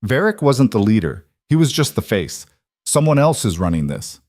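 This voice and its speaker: A man voicing a quiet, brave young female servant who speaks meekly and carefully. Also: medium pitch, sing-song, normal speed, no echo, clean studio sound. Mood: urgent. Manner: meek and careful.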